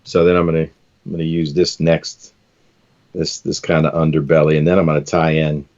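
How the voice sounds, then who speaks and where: A man's voice: rumbling low, level tone, a little fast, darkish tone, dull audio. A man hosting a live stream, chatting casually and enthusiastically while tying fishing lures, often calling people "man".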